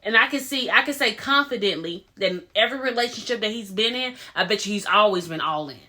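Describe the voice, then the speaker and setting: A woman's voice: mid-range voice, lively intonation, fast talker, sharp tone. A woman giving casual, opinionated commentary as she recaps a reality TV episode, retelling scenes in quoted voices.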